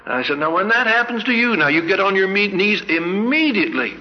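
A man's voice: sits high, sing-song, brisk, a little hiss or hum. An older man from Canada giving an anecdotal sermon as a church speaker, an earnest storyteller who asks many searching questions. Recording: dull lo-fi recording in a reverberant hall.

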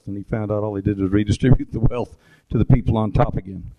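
A man's voice: fairly low pitch, fairly even intonation, fast. A middle-aged man giving an informal talk with photos, rambling through anecdotes with fillers and asides. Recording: dull lo-fi recording.

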